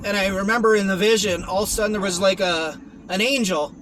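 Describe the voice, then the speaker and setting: A man's voice: sits high, pushed and bright, a little hiss or hum, rough recording. A young man giving a rambling, earnest personal testimony, with many restarts and fillers. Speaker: testimony vlogger.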